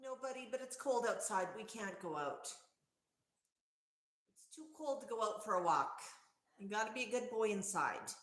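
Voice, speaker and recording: A woman's voice: mid-range voice, animated, moderate pace, long pauses, a bit bright. A woman hosting a livestream, talking to her pet parrot at home in coaxing, affectionate baby talk. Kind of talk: sing-song pet talk. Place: indoors at home. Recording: echoey room.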